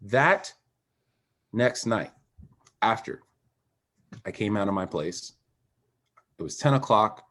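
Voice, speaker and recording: A man who is a former Olympic swimmer, a podcast guest telling a personal story in a candid and emphatic way, dropping quiet and then rising. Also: on the low side. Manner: animated, emphatic, swings between quiet and raised.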